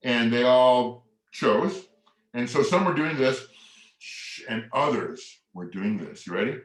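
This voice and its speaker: A man presenting a family workshop, telling a story in a lively way, acting out quotes and leading the audience in movements. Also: medium pitch, a little slow. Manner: animated storyteller who acts out quotes and leads the audience in movements. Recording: echoey room.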